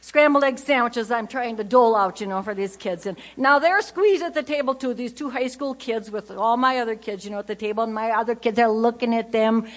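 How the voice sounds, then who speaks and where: Chatty older Midwestern woman, higher voice. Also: a little fast, hardly any pauses. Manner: animated, chatty, acts out family anecdotes. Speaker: conference speaker. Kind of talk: humorous storytelling talk.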